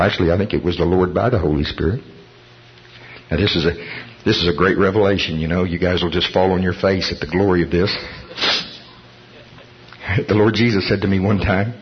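A man preaching a sermon, telling a story with animated delivery, chuckling and acting out the voices of people in it. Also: low-pitched. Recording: dull lo-fi sermon recording.

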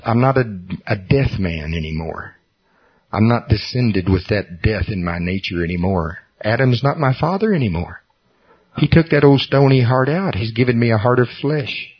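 A low, husky-voiced middle-aged man delivers a sermon, mixing earnest testimony with self-deprecating humor. The recording sounds dull and lo-fi. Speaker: preacher.

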